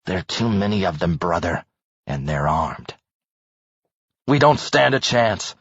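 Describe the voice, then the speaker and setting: Stern commanding young man, read low by a male narrator, husky and dry. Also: normal speed, fairly bright tone, no room sound, muffled recording. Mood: grim. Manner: firm, barking orders like a drill sergeant.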